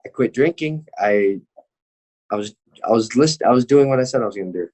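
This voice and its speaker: A man's voice: medium pitch, animated, fairly quick, a little mellow. A young man, an MMA fighter, telling a story in casual chat, cursing constantly and acting out the people he quotes.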